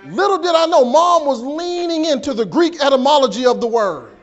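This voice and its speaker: Animated preaching man, high lively voice. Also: brisk, dull audio. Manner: preaching with dramatic swings in pitch and volume; stammers and repeats words when building a point. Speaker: pastor. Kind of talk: sermon.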